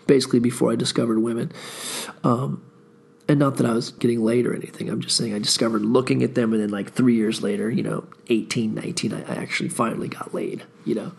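Gravelly, husky-voiced tired man. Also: mid-range voice, steady tone, fast, darkish tone. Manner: profane, laid-back storytelling. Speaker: podcast host. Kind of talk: casual rambling monologue.

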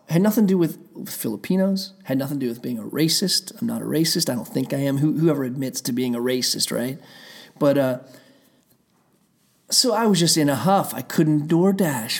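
A man's voice: on the high side, animated, a little fast, vocal fry, darkish tone. A man telling a heated, rambling story in a casual rant, swearing often and circling back on himself. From Pennsylvania.

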